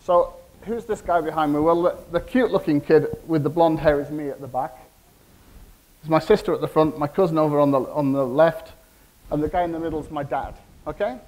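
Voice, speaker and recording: Man, 40s, Cumbrian English, keynote speaker; conversational, fairly high voice, quizzes the audience. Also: a little fast, darkish tone, poor audio. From England. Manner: conversational, asks the audience questions. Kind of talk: conference keynote speech. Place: conference hall.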